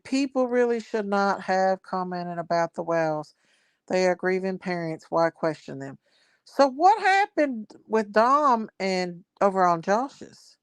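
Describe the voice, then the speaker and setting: Woman livestream host, casual chat, clean smooth tone, mid pitch. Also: no echo. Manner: chatty, reads viewer comments aloud, Southern-style grammar.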